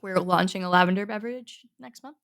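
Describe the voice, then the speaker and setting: A woman co-hosting a casual podcast who sounds sleepy, starting each sentence loud and letting it fade as she goes. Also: medium pitch, a little fast. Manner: sleepy, trailing off at sentence ends. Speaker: podcast co-host. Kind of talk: casual chat.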